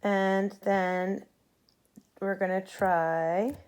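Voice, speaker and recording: Slow, patient woman teaching phonics. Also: mid-range voice, little pitch movement, darkish tone. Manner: slow, clear, patient instruction with modeled sounds. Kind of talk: phonics lesson for young students.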